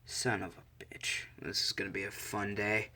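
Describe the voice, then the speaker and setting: A man's voice: mid-range voice, normal speed, fairly bright tone, natural voice. A man voicing a cocky, sarcastic young male assassin working as a bodyguard, in an offhand way. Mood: sardonic.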